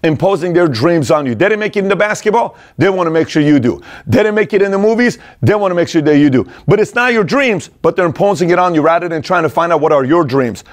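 A man's voice: a little high, expressive, quick pace, few pauses. A middle-aged man hosting a show, talking casually and with energy, now and then acting out parents in raised voices. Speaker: host. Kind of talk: casual direct-to-camera talk.

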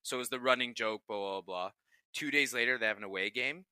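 Bright-voiced man telling locker-room stories. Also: mid-range voice, fast talker, clean tone, no room sound. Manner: profane, laughing anecdotes. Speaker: podcast co-host, pro hockey player. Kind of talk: casual storytelling chat.

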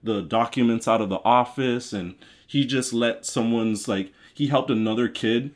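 A man's voice: medium pitch, moderate pace. A man talking casually on a podcast, explaining things loosely with fillers. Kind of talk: casual chat.

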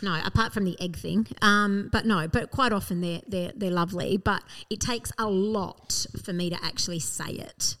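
A woman's voice: medium pitch, steady tone, normal speed, hardly any pauses, fairly bright tone. A woman co-hosting a podcast in casual chat, reacting a lot and talking with emphasis. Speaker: podcast co-host.

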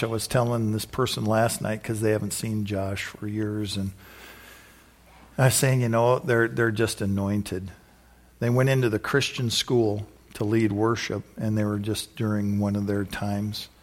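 A middle-aged man preaching as a pastor, in a rambling, exuberant way with sudden whooping shouts, then leading a prayer. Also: lowish voice. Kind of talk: sermon with closing prayer.

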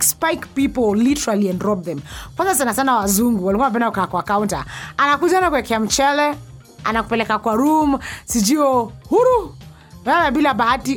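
A young woman with a fairly high voice tells her own story, candid and intense. She sinks into hushed tones at the frightening parts. Soft music plays faintly behind her. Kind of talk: personal storytelling.

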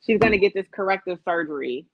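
Lively, profane woman telling stories. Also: lowish voice, quick pace, slightly rough, no room sound, highs cut off. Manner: animated, profane storytelling with lots of laughter. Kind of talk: casual chat.

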